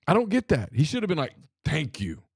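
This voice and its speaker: A man's voice: rapid-fire, breathy edge, dry recording, studio quality. A male co-host in a casual chat, acting out the exchanges in his stories. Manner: animated, acts out quoted exchanges with rising pitch.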